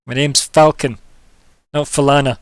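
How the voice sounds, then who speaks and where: A man's voice: mid-range voice, little pitch movement, measured pace, no echo, voice pushed up, close to an everyday voice. Tabletop game: blunt eleven-year-old street girl, played by a man, dry sound. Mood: indignant. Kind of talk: tabletop role-play.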